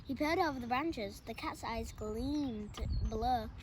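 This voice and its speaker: A woman reading a picture book aloud with expressive, lively storytelling. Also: a little high, a little slow. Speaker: storybook reader. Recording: loud background noise.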